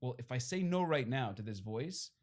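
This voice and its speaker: A young man, a priest, tells his story at a fireside gathering. He rambles, leans on filler words and laughs now and then, his voice sitting in an ordinary middle pitch. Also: animated, moderate pace, darkish tone. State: briefly tearful. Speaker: priest giving his testimony. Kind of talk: personal testimony at a fireside talk.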